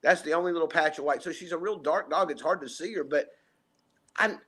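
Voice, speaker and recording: A man co-hosting a podcast from home, telling a casual story, animated and full of fillers, acting out what people said. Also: a little high, fairly quick. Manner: animated, acts out quotes, frequent fillers. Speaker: podcast co-host. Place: home, remote call.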